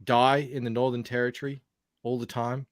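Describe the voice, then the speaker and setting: A man's voice: mid-range voice, level tone, fairly quick, clear, resonant tone, dry recording, studio quality. A man from Australia with an Australian accent, chatting casually on a podcast and explaining things with lots of asides. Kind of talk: casual chat.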